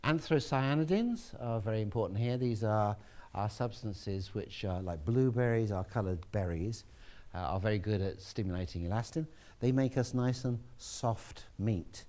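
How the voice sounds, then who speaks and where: Man, lecturer, low voice, mellow, chatty classroom talk. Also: normal speed. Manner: relaxed, chatty, with fillers and asides to the class.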